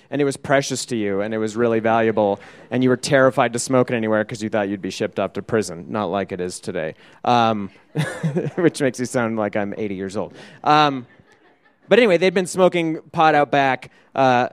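A middle-aged man telling a long personal story to a live audience in a casual, animated way, full of "like" and frequent laughter. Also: mid-range voice, clean tone, no room sound.

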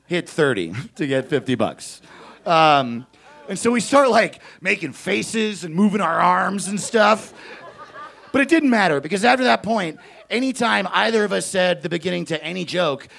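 A young man doing stand-up, telling a story with lots of energy, shouting out other people's lines and laughing as he goes. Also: sits high, gravelly. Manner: animated, shouts kid voices, laughs at own story. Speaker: stand-up comedian.

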